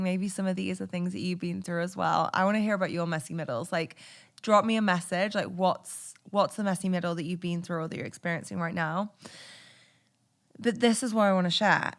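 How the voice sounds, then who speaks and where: A podcast host talks through her own story in a relaxed confessional monologue. She is blunt and candid, drops swear words freely, and laughs often between her thoughts. Her pitch sits in the middle for a woman.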